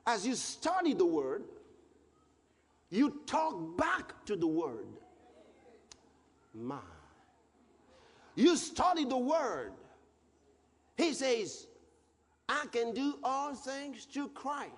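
A fervent male pastor preaching in a very high, lively voice that swoops and climbs as he repeats each phrase. He lingers slowly over his words, building to shouted peaks. His sermon rings out through a large hall with a long reverb. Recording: long hall reverb, faint background noise.

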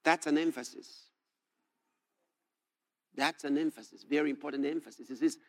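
A man preaching a sermon, reading scripture aloud and explaining it, moving from quiet musing to loud shouted proclamation and laughing now and then. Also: on the high side, normal speed, long pauses.

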